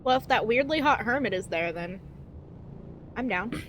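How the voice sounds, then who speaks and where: A woman's voice: fairly high pitch, animated, moderate pace, fairly bright tone, a little hiss or hum. A woman streamer reading game text aloud in a cheery infomercial-style voice and giggling often.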